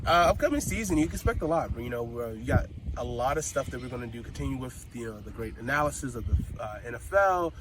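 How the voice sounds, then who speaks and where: A man hosting a casual sports talk stream, his voice hoarse, talking in a loose, hyped-up, chatty way. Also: medium pitch, lively intonation, fast talker, echoey room, recorded from a distance, background noise. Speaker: host.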